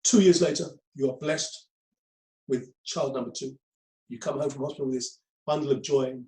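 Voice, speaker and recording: A man's voice: medium pitch, moderate pace, mellow, reverberant, low-quality recording. A man giving a conversational lecture on crisis management to a group, often repeating himself with many ums.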